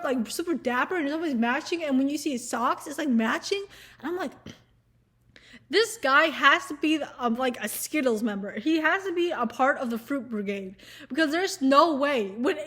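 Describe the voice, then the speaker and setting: A woman's voice: high voice, fairly bright tone. A woman, chatting casually in a rambling, swearing, giggly vlog style. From Southern United States. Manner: rambling, profane, giggly, lots of fillers. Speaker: vlogger. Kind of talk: casual chat.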